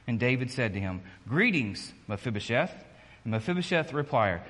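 A man's voice: mid-range voice, sing-song, normal speed, a bit bright, in a large hall. A man preaching a conversational sermon, joking at his own expense and restarting his sentences often. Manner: conversational and self-deprecating, with many restarts. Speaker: pastor.

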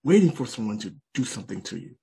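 A man voicing a calm, curious alien who asks slow, plain questions. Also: medium pitch, creaky, slightly rough, voice pushed down, exaggerated voice. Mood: puzzled.

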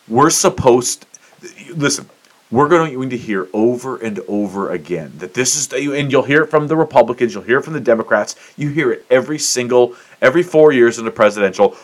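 A man's voice: medium pitch, lively intonation, moderate pace. A man hosting a solo podcast, ranting in a fired-up, profane way about sports and politics. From United States. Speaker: podcast host. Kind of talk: solo opinion monologue.

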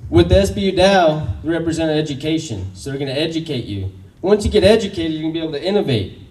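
Hyped man pitching on stage. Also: animated, fast, darkish tone, recorded from a distance, low-quality recording. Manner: hyped, rallying, crowd-engaging. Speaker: pitch presenter. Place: large event room in Austin.

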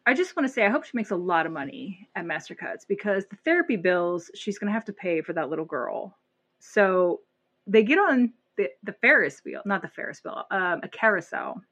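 A woman co-hosts a podcast, retelling scenes in lively, casual talk. She acts out the voices of the people she describes. Her voice sits at a middle pitch. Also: moderate pace, slightly rough, highs cut off. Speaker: podcast co-host. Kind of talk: casual chat.

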